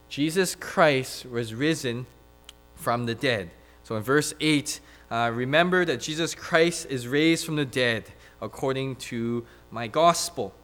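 A man's voice: on the high side, fairly bright tone. A man preaching a sermon, reading scripture aloud with many "uh" fillers and building to emphatic repetition.

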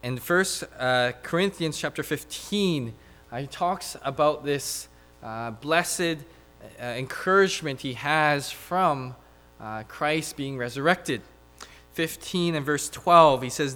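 A man's voice: on the high side, slow, sharp tone, soft background music. A man preaching a sermon, reading scripture aloud with many "uh" fillers and building to emphatic repetition.

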